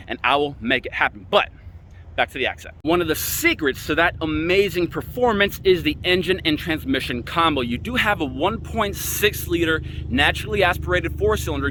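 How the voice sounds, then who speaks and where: Upbeat male car salesman doing a vlog review, bright and salesy, with faint outdoor noise. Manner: upbeat salesy pitch, playful argumentative asides. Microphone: phone camera.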